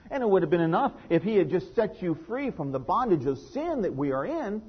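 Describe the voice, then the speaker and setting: Husky-voiced pastor preaching in a reverberant hall. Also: male voice, high voice, very animated, fairly quick. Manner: earnest storytelling, rising to emphatic preaching. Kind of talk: sermon with a told story. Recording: dull recording with long hall reverb.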